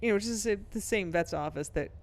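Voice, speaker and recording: A middle-aged woman co-hosting a podcast, telling a long story briskly and laughing now and then. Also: mid-range voice. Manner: brisk anecdotal telling, laughs while talking. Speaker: podcast co-host; professor and author. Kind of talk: casual chat, storytelling.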